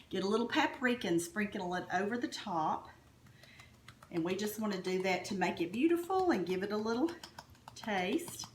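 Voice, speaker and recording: An Alabama woman with a Southern US accent hosts a chatty cooking demo in her home kitchen, folksy and enthusiastic, calling her viewers "y'all" again and again. Her voice is on the high side and fairly bright, with reverberation and a little hiss or hum in the recording.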